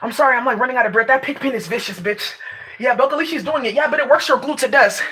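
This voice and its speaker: A Nigerian woman vlogger rants casually to camera, brash and profane, laughing as she talks. Her voice is high, bright, and forceful, and she speaks fast.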